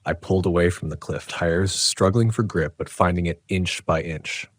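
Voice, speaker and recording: A man with a very low, deep voice tells a scripted first-person horror story in a tense, low delivery, pausing for drama. The sound is dry and close, with no room behind it. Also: no echo. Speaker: narrator.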